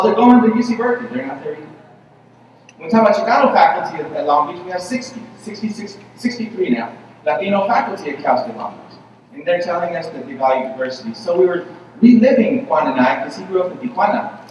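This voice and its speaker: A man's voice: sits high, a little mellow, a little hiss or hum. A man giving a conversational conference keynote to an audience, with many fillers and repeated phrases. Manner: conversational, repetitive, with frequent fillers. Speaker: keynote speaker. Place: large convention hall. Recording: echoey hall, mic from a distance.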